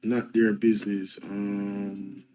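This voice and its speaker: A man's voice: on the low side, little pitch movement, slow pace, dark tone, soft background music, low-quality recording. A man hosting a news reaction show. He rants emphatically, circling back over his points again and again, fed up and blunt. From Jamaica. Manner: angry, repetitive, emphatic ranting. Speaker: host. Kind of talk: commentary reacting to news clips.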